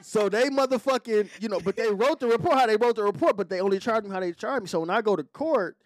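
Give me an animated male podcast host telling a raw story, dry and close. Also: sits high, fast, no room sound. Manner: animated, profane storytelling with shifting voices. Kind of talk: casual storytelling chat.

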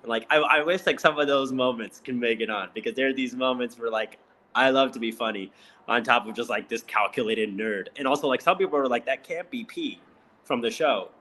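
Chatty young man, bright voice. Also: medium pitch, fairly quick, a little hiss or hum. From Indian heritage. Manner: chatty, laughs often, many "like" fillers. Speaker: reality show contestant. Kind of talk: casual interview chat.

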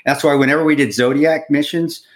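Profane excitable veteran man. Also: on the high side. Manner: profane, excitable, quick to laugh. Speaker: podcast co-host, Ranger veteran. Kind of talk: casual podcast banter.

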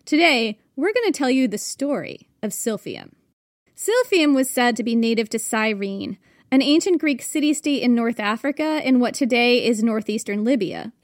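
A woman's voice: a little high, lively intonation, normal speed, no room sound, studio quality. A woman co-hosting a podcast, telling history stories in a playful, chatty way and thinking aloud as she goes. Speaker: podcast co-host. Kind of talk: casual history storytelling.

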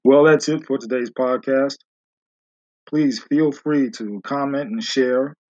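A male podcast host giving a calm, measured sign-off. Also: medium pitch. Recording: dull lo-fi audio.

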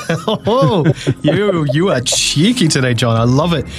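A man's voice: on the high side, very animated, a little slow, background noise. A man hosting a radio sports quiz in a teasing, upbeat way, laughing often. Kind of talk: casual radio chat.

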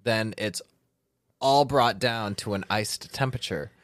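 A man chatting casually as a guest, with deadpan jokes and puns. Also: on the low side, unhurried, dry recording, studio quality. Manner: deadpan, joking. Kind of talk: casual chat.

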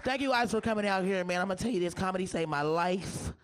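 Hoarse woman comic doing a live set, brash, swears a lot, roasts the crowd. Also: medium pitch, fast talker. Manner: brash, profane, teasing the audience. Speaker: stand-up comedian.

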